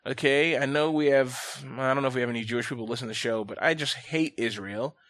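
A man hosting a casual podcast chat, ranting bluntly and profanely, his pitch and loudness swinging sharply as he gets worked up. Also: quick pace, no room sound, studio quality. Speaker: podcast host.

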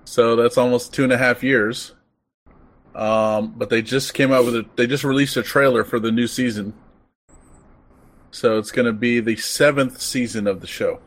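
Chill guy co-hosting a podcast, mid-pitched, just matter-of-fact casual chat. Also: fairly even intonation, normal speed. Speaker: podcast co-host.

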